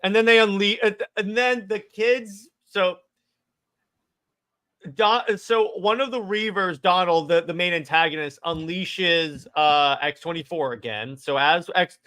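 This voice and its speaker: A man co-hosting a casual movie discussion, excitedly retelling scenes with lots of stumbling restarts. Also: sits high, a little slow. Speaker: podcast co-host.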